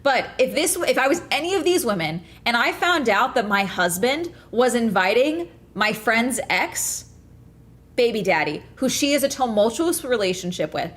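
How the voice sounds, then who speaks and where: A woman's voice: fairly high pitch, big pitch swings, normal speed, a bit bright. A woman streamer chatting casually to her viewers, ranting hard and swearing a lot. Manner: ranting, profane, fired up. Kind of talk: casual livestream chat.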